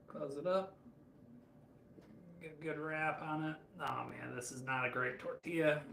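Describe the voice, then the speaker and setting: A cooking streamer from Michigan, USA, with a slightly high voice cooks in a hotel room kitchen on a casual livestream, rambling and joking as he answers chat. The recording sounds roomy, with faint ambience and slight background noise.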